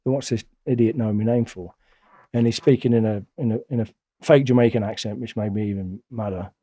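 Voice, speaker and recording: A middle-aged man, a guest telling stories in a blunt, colloquial, animated way. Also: fairly low pitch, brisk, husky, dry recording. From England. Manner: blunt, colloquial, animated retelling with acted-out quotes. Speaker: interview guest. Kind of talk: casual storytelling.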